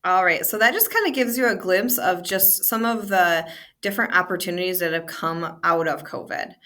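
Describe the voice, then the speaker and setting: A woman's voice: on the low side, moderate pace, sharp tone. A woman teacher giving a conversational lesson on future careers, encouraging and informal. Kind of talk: classroom lesson.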